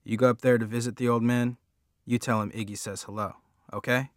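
A man's voice: medium pitch, level tone, brisk, no room sound, clean studio sound, close to an everyday voice. A man voicing a menacing, curt middle-aged thug who speaks with scorn.

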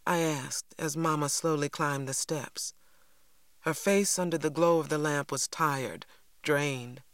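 A woman narrating an audiobook in a steady, measured storytelling voice on a close studio mic. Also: extremely low pitch, clear, resonant tone, dry recording. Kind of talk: scripted narration.

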